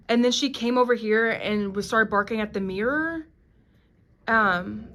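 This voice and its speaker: A woman's voice: fairly high pitch, unhurried, pushed and bright. A woman in her twenties chatting at home, telling her story to viewers in a casual, talkative way. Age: 20s. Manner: chatty, addresses viewers as y'all. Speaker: vlogger.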